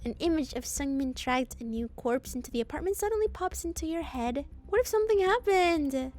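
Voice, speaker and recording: A woman with a high, light voice reads a story game aloud as a streamer. She keeps slipping into playful, joking asides. Soft game music sits faintly underneath her. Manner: playful, jokey, animated asides. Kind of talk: reading a game aloud with commentary.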